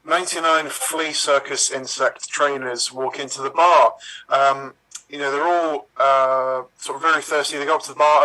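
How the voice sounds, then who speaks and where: A man's voice: medium pitch, fairly even intonation, moderate pace, bright, forceful tone, low-quality recording. A man playing an improv pun game, building his jokes hesitantly with fillers. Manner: hesitant, filler-heavy setups. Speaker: improv player.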